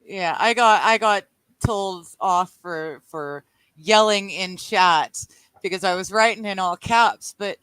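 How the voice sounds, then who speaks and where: A woman's voice: medium pitch, takes it slowly, fairly bright tone, clean tone, no echo. A middle-aged woman co-hosting a casual livestream, chatty and self-mocking, laughing easily. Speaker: livestream co-host. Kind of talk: casual chat.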